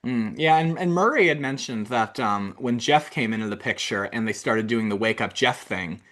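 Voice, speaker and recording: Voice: medium pitch, moderate pace, a bit bright. A young adult podcast host who chats as an eager fan, laughing often and rambling. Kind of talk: casual interview chat.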